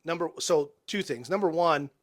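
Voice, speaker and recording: A man in his forties, a podcast guest telling personal stories in an earnest, halting way, often restarting and dropping soft and quiet. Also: a little high. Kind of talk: reflective personal storytelling.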